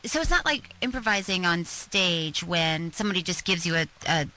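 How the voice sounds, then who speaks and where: A woman from Florida, a guest actress on a radio show, chatting in a lively way and laughing easily. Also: fairly low pitch, normal speed, rough recording. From Florida, USA. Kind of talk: radio interview chat.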